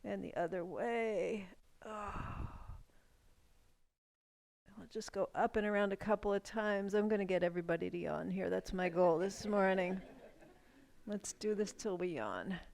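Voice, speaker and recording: A middle-aged woman leading a chair yoga class, giving calm, gentle cues for breathing and stretching with casual asides. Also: mid-range voice, normal speed, creaky. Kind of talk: guided class instruction.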